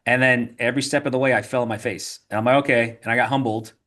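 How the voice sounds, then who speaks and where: Fast-talking man telling stories. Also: medium pitch. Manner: rapid, animated storytelling with frequent "right?" and filler restarts. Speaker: podcast guest. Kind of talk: casual storytelling interview.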